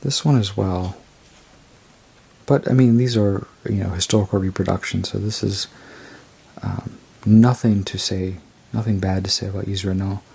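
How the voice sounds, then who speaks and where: A man with a low, gravelly voice shows off a tarot deck card by card. His delivery is rambling and unhurried, with a husky, slightly rough edge. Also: warm tone. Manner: rambling and unhurried, describing cards as he goes. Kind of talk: casual show-and-tell review.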